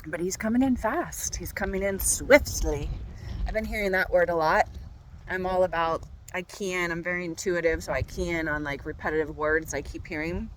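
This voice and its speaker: A woman with a fairly low voice speaks at a normal pace over poor audio carrying a little hiss or hum. She's a tarot reader vlogging to her viewers while walking outdoors by a golf course, bubbly and gushing.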